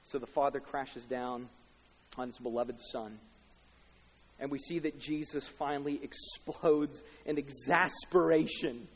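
A man preaching a sermon, swinging dramatically between hushed, quiet passages and loud, shouted peaks. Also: medium pitch, fairly even intonation, unhurried, slightly rough. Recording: long hall reverb.

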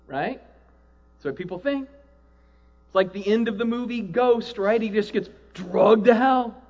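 A man preaching a sermon to a live audience, animated, acting out quoted voices and often asking "right?". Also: very high-pitched, unhurried, dull audio. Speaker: pastor.

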